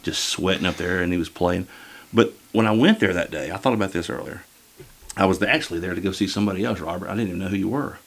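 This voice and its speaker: A man hosting a casual podcast chat, rambling along with lots of filler pauses. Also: low voice. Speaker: podcast host.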